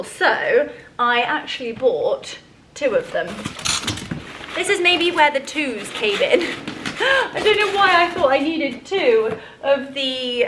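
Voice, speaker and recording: Gushing woman, noisy home recording. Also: sits high. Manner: gushing, effusive. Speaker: vlogger. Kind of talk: casual unboxing chat.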